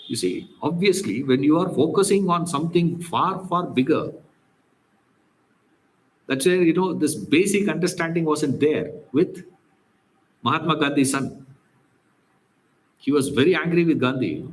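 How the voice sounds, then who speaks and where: A man's voice: a little high, lively intonation, a little slow, long pauses, low-quality recording. A man teaching a scripture class, telling stories in a conversational way with many rhetorical questions. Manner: conversational storytelling with frequent "you know" and rhetorical questions. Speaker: Vedanta teacher.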